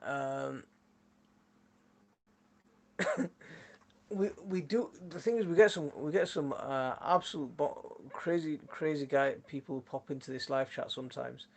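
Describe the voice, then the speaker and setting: A man's voice: a little high, measured pace, vocal fry, pauses often. Chatty Yorkshire man, laughing a lot. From Yorkshire, England. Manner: rambling, chatty, laughs often. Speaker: gardening channel host. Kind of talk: casual live-stream chat reading viewer comments. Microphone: phone.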